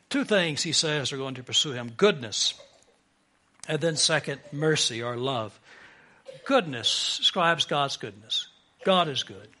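A middle-aged man preaching a sermon in an earnest way, building emphasis and swelling louder on key points. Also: high voice. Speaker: pastor.

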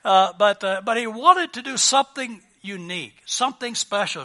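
A man's voice: sits high, normal speed, hardly any pauses, sharp tone. A man preaching a sermon as pastor, in a conversational, lightly joking way with frequent restarts.

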